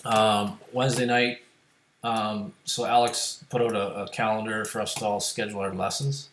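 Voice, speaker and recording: A man's voice: on the low side, level tone, moderate pace, fairly bright tone, reverberant, slight background noise. A man casually talking to his viewers while playing online poker, thinking aloud about hands and chip stacks. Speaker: poker streamer. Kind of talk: casual live-stream commentary.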